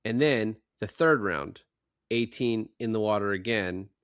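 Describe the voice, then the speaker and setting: A man hosting a casual movie-review podcast, excitedly recounting scenes and swearing freely. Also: lowish voice, a little slow, clear, resonant tone, no room sound, clean studio sound. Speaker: podcast host.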